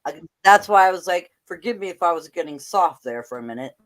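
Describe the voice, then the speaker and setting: A woman's voice: on the low side, expressive, a little fast. A woman hosting casual panel talk on an online stream, chatty and questioning, and laughing often.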